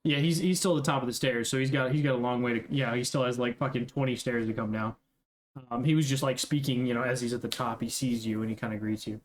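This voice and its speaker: A man's voice: medium pitch, steady tone, fast. Rambling young male game master. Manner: rambling, casual, many fillers and asides. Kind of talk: narrating a tabletop game.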